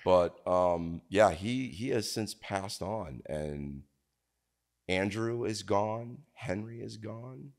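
Deep-voiced man, halting and emphatic. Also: animated. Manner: halting, restarts often, then emphatic. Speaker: filmmaker guest. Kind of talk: casual conversation.

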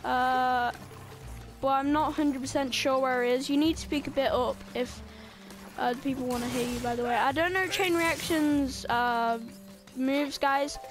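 A woman's voice: high voice, fairly even intonation, unhurried. A woman hosting casual gameplay commentary, rambling with lots of fillers and blunt asides. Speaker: gameplay host. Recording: game music behind the voice.

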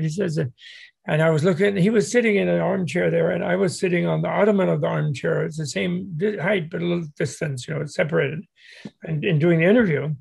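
A man's voice: fairly high pitch, brisk, vocal fry, darkish tone, husky. An older man telling a long, digressive anecdote casually as a guest speaker, with many restarts and chuckles.

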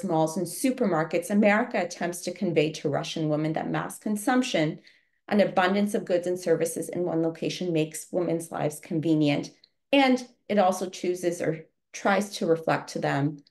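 A woman historian presenting an academic seminar talk, measured and reading from prepared notes over a video call. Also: low-pitched, darkish tone.

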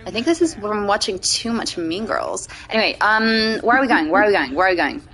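A woman's voice: medium pitch, big pitch swings, brisk, fairly bright tone, rough recording. A woman in her thirties with an English accent, chatting playfully while streaming a video game. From England. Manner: playful, trying out silly accents. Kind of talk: casual game stream chat.

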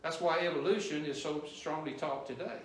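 A male missionary preacher delivering a sermon, quizzing the congregation with questions and growing loud and emphatic at his peaks. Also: fairly high pitch, normal speed, slight background noise. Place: church sanctuary. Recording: roomy church echo, distant mic.

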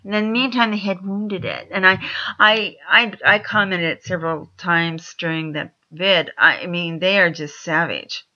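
A woman speaks slowly, telling rambling animal stories in a casual monologue. Her voice is low and bright, and she chuckles often and restarts her sentences. The recording is dull and lo-fi. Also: fairly even intonation. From Washington State.

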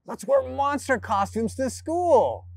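A man voicing an excitable young child full of questions in a storybook reading. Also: very high-pitched, slow pace, no room sound, studio quality, pitched above the performer's own voice, heavily acted. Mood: playful.

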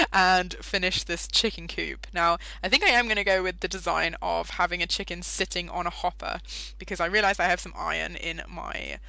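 A woman's voice: fairly low pitch, lively intonation, normal speed, creaky, bright, forceful tone, no room sound. A young British woman giving casual, giggly commentary while playing Minecraft, easily sidetracked. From Britain. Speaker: Minecraft let's-play host.

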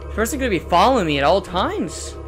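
A young man hosting a let's play, talking through a horror game and repeating words excitedly when scared. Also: high voice, fast, soft background music. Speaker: gaming channel host.

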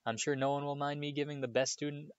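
A man voicing a vain, pompous wizard teacher who boasts and talks down with a showy warmth. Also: a little high, level tone, fast, smooth, no room sound, muffled recording, voice pushed up, lightly acted. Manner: pompous, showy, self-satisfied.

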